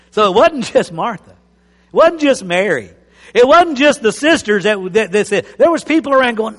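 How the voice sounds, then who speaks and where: An animated male preacher with a drawl, repeating phrases and acting out the people he quotes. His voice sits high for a man. It carries a long reverb, as if heard across a big hall. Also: normal speed. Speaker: pastor. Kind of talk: sermon.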